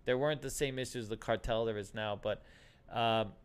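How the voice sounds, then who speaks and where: A man's voice: fairly low pitch, steady tone, normal speed, clear, resonant tone. A middle-aged man telling stories in casual chat, acting out dialogue and laughing often.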